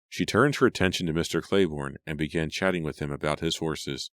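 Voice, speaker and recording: A man narrating an audiobook in a steady, even storytelling manner. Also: very deep voice, a little fast, dry recording, studio quality. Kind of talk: scripted narration.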